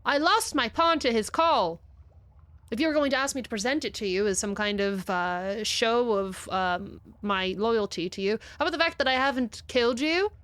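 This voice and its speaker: A woman's voice: a little high, normal speed, a bit bright, no echo. A woman playing her character in a tabletop role-playing game, talking in an earnest, pleading way. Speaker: player.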